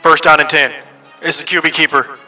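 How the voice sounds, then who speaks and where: A man's voice: a little high, flat delivery, fairly quick, sharp tone, faint music behind. A man streaming live play-by-play commentary, mixing broadcaster-style calls with casual asides to his chat.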